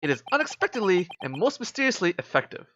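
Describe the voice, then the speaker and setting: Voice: mid-range voice, sing-song, quick pace, lo-fi sound, pitched above the performer's own voice, lightly acted. A streamer doing a pompous grandiose detective. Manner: theatrical, self-assured, pompous. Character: boastful eccentric male detective, grandiose. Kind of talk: reading visual novel lines aloud. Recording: game music playing behind. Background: game music.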